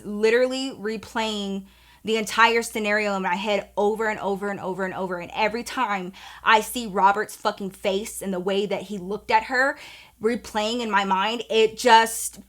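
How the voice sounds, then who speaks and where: A woman's voice: mid-range voice, fairly even intonation, moderate pace. A young woman telling a personal story to her viewers in a candid, profane, chatty way. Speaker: storytime vlogger. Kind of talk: casual storytelling.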